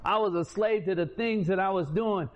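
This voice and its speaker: Man with a high voice, unhurried folksy preacher telling his testimony, dull lo-fi recording with a faint room murmur. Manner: folksy, colloquial storyteller who acts out conversations. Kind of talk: preaching testimony, story told with quoted dialogue.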